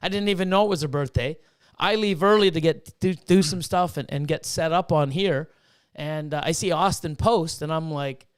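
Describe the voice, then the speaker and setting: A man chatting on a podcast, rambling and animated as he retells things, often restarting his sentences. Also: a little high, normal speed, smooth. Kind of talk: casual chat.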